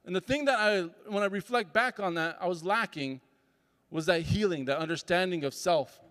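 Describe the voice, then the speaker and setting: A man's voice: high-pitched, moderate pace, fairly bright tone. A man giving a motivational talk as a summit speaker. He tells stories and acts out voices and sounds. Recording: reverberant hall.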